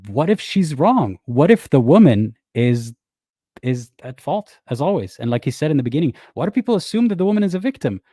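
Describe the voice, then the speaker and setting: A man's voice: on the high side, sing-song, brisk, mellow, no room sound, clean studio sound. A man hosting a reaction video, commenting sarcastically and mocking the people he quotes. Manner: sarcastic and mocking, quotes others in exaggerated voices. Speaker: commentary host.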